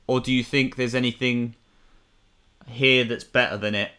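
A young man hosting a podcast, chatting casually and relaxed with plenty of slang. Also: medium pitch, normal speed, smooth. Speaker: podcast co-host. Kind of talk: casual chat. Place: home, remote call.

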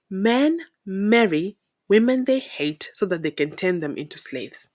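A young woman from Zimbabwe talking to the camera in a casual, opinionated monologue, animated and exasperated, laughing often. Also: mid-range voice. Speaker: vlogger.

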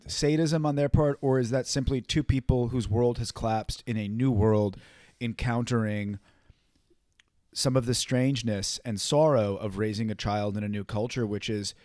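A man's voice: mid-range voice, fairly even intonation, normal speed, a little mellow, dry recording, studio quality. A man interviewing an author, asking thoughtful, long and winding questions. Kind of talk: probing interview conversation.

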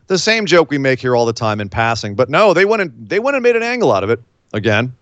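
A man's voice: medium pitch, fast, no echo, dull audio. A man co-hosting a podcast, recapping wrestling in casual chat and acting out quotes in voices. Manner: animated, acts out quotes in voices. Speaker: podcast co-host.

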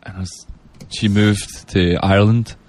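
A man's voice: on the low side, steady tone, moderate pace, darkish tone. A Scottish man with a strong Glaswegian accent, a musician guest in casual radio chat, joking and laughing as he tells stories. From Scotland. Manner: laughing, jokey storyteller.

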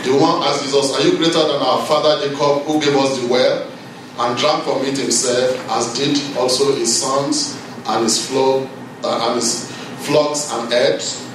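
A man preaching a sermon, slow and emphatic, building up for emphasis as he reads scripture. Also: mid-range voice, fairly even intonation, noisy background. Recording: echoey hall from far off.

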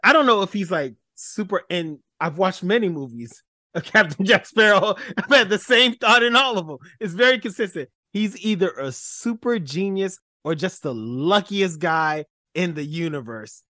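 Co-host, bright and bouncy voice, lots of laughter, dry close mic. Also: mid-range voice, normal speed, no echo. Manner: laughs often, animated reactions. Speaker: podcast co-host. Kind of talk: casual movie review chat.

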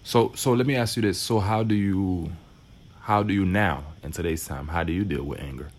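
Man, low voice, host, encouraging, informal slang. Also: normal speed. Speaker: podcast host. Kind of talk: casual conversation.

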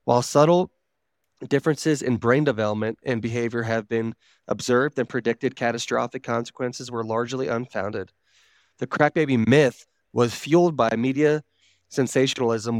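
A man's voice: mid-range voice, steady tone, normal speed, no echo, clean studio sound. A man co-hosting a podcast, reading out notes in a casual, swearing manner while wheezing from asthma. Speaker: podcast co-host.

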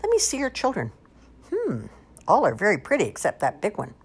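A fussy old farmyard duck from a storybook, high-pitched and sniffy, looking others over with a critical air, as a woman puts her on. The voice swoops up well above a husky speaking tone. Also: huge pitch swings, brisk. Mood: judging.

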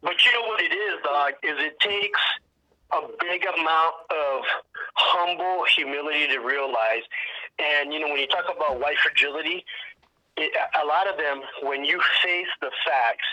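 A man on a podcast, telling animated stories in profane street slang and acting out what people said. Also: a little high, moderate pace, low-quality recording. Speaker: activist guest. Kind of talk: casual podcast storytelling.

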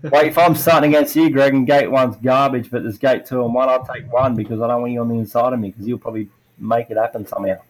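A fast-talking middle-aged man with a mid-range voice comes through on poor audio. He's a retired racer chatting on a podcast, animatedly telling racing stories with plenty of "like" fillers and acted-out quotes.

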